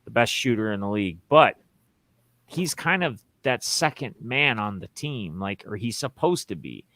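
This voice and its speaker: Low-voiced rambling male sports podcast host. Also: animated, normal speed, a bit bright, no echo. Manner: rambling, reads listener questions aloud. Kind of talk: casual sports talk.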